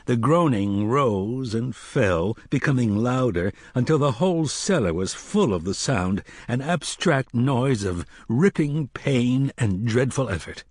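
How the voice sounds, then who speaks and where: A male audiobook narrator with a husky, slightly grainy voice, reading at a measured pace that slows for suspense. The recording is close and dry, with no room echo. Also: mid-range voice, animated, darkish tone. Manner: measured, slowing for tension.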